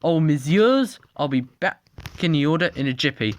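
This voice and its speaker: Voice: medium pitch, lively intonation, normal speed, close to an everyday voice. A storyteller voicing a smug male French chef dinosaur with put-on French flourishes.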